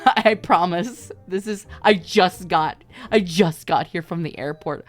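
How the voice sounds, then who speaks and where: A woman streamer from Canada telling stories in casual livestream chat, animated, laughing often and swearing freely. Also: fairly low pitch, slow pace, soft background music. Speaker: VTuber streamer.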